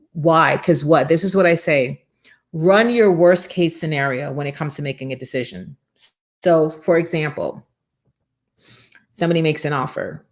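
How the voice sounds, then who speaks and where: Low-voiced fervent woman preaching motivation. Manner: fervent and preachy, with rhetorical questions and repetition. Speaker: host of a motivational morning show. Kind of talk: live faith-based motivational talk.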